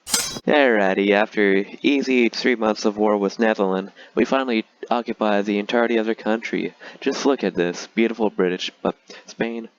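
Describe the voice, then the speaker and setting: Low-voiced man with sarcastic game commentary. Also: steady tone, moderate pace, few pauses, muffled recording. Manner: chatty and sarcastic, with filler words. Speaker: gaming video creator. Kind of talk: casual strategy game commentary.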